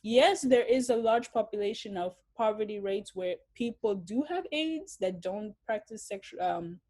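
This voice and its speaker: A woman's voice: mid-range voice, normal speed, mellow. A young woman from Africa, speaking bluntly and swearing freely in a casual interview.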